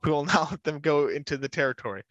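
A man's voice: on the high side, expressive, quick pace, a bit bright, no room sound, lo-fi sound. A man voicing a stern woman spy who gives insistent commands, in his own regular voice. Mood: commanding.

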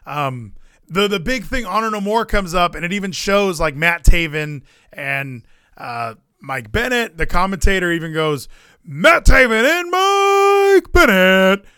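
An excitable man rambles through a casual podcast chat, swearing freely and correcting himself as he goes. His voice is bright and forceful and sits a little higher than usual. The sound is dry and close. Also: normal speed, clear, resonant tone, no echo. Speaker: podcast co-host.

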